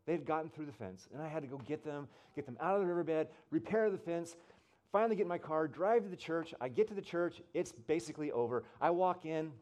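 This pastor's sermon in church is animated storytelling, with him performing the voices in his tales for the congregation. His voice runs high and his pace is fast.

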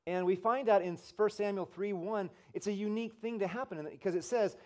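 A man's voice: high-pitched, a little fast, hardly any pauses. A man preaching a sermon to a congregation, telling stories and acting out the voices in them. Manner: storytelling, animated, acts out voices. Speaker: pastor. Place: church in front of a congregation.

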